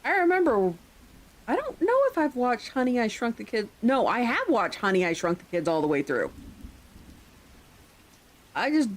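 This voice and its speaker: A woman's voice: a little high, sing-song, moderate pace, pauses often, poor audio. A woman streaming live, chatting casually in a rambling way, with occasional swearing.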